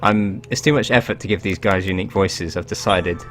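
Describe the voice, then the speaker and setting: A man's voice: deep voice, fairly quick, a bit bright, soft background music. A man casually commenting while playing video games, joking and rambling with self-mocking asides. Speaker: let's play host.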